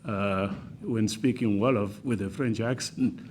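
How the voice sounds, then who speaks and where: An older man chairing a formal hearing, speaking slowly with many ums and uhs. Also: fairly low pitch, darkish tone. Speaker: commission chair.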